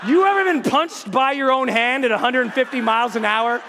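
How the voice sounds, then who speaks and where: The speaker is a man with an extremely high pitch talking fairly quickly in a motivational keynote. He tells an animated story, acting out voices and screams, while the recording has live hall reverb and faint noise.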